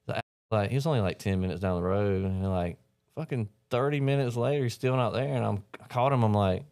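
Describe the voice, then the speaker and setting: A man with a drawl spins rowdy, profane stories in a relaxed podcast chat. He laughs through his tales and slips into quoted voices of friends and bosses. His voice sits a little low. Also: quick pace, clean tone. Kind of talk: casual storytelling chat.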